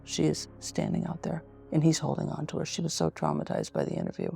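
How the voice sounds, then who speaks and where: A woman's voice: low voice, huge pitch swings, fast talker, gravelly, mellow, soft background music. A woman in her sixties, a pediatrician guest on a podcast, telling vivid stories and acting out what people said. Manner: vivid anecdotal storytelling, acting out quotes. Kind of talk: storytelling in a podcast interview.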